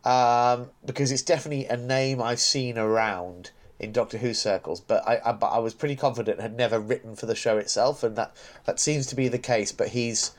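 A man at a middle pitch co-hosts a relaxed podcast conversation. He thinks out loud, repeats words as he gets going and laughs lightly as he goes. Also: a little fast. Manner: chatty, stumbling restarts and chuckles. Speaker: podcast co-host. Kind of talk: casual chat.

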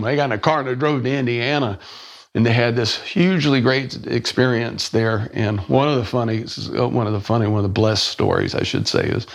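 Gravelly low-voiced man telling a story. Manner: halting, restarts words, acts out quoted voices. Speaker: podcast guest. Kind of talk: personal storytelling in conversation.

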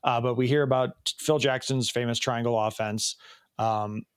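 A man's voice: mid-range voice, fairly even intonation, normal speed, smooth, no room sound. Man in his thirties, podcast co-host, loose rambling recap delivery, dry close sound. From Chicago area, USA. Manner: rambling, many ums and restarts. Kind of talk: casual recap chat.

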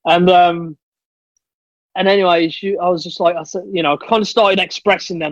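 A man's voice: high-pitched, steady tone, moderate pace, no echo. A man chatting casually on a podcast, an enthusiastic storyteller who calls people mate. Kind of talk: casual chat. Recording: dull lo-fi dry sound.

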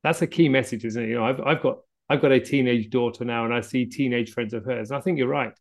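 Male interview host who talks fast and keeps affirming the guest, summing up with tag questions, in a mid-pitched, gravelly voice. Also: steady tone. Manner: affirming, sums up points with rhetorical tags. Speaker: podcast host. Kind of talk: casual interview chat.

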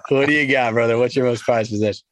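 A man's voice: mid-range voice, steady tone, quick pace. A man hosting a podcast, asking guests questions in a friendly, casual way. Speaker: podcast host. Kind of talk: interview questions.

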